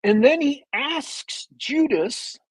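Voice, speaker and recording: A man on a podcast with a bad cold, retelling a movie plot as a meandering, detailed storyteller with long pauses. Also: very high-pitched, animated, dry recording, poor audio. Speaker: podcast co-host.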